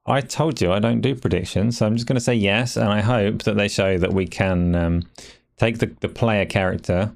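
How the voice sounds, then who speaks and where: Gaming podcast guy with a deep gravelly voice, wry and laid-back. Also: moderate pace. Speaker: podcast co-host. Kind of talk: casual gaming podcast chat.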